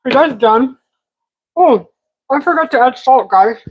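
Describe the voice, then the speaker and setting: A woman's voice: high voice, expressive, a little slow, highs cut off, slight background noise. A woman hosting a live cooking stream from her home kitchen, chatting casually and talking to the food as she works. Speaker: cooking show host.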